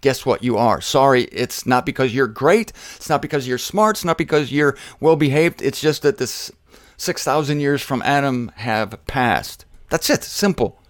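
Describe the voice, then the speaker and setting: A male preacher with a mid-pitched voice gives a loose, jokey Bible teaching, often rising into loud emphatic bursts and then dropping to quiet asides. The recording is dry and close, with no room sound around him. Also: animated, moderate pace, no echo. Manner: conversational, jokey, addresses listeners directly.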